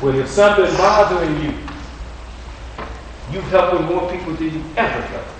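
A man preaching a sermon in a conversational style, repeating his phrases and swinging between loud and quiet. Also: high-pitched, normal speed, slight background noise. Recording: echoey room from a distant mic.

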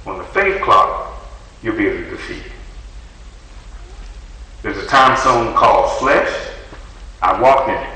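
Animated preacher man in an echoey hall. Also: lowish voice. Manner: animated, conversational preaching, acts out voices in dialogue. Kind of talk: sermon. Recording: echoey hall, mic at a distance.

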